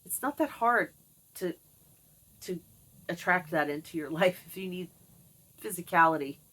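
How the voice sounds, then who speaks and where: A woman's voice: lowish voice, expressive, normal speed, fairly bright tone. A middle-aged woman talking candidly to camera about her childhood and her pets, reflective and confiding. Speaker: vlogger. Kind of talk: candid personal monologue.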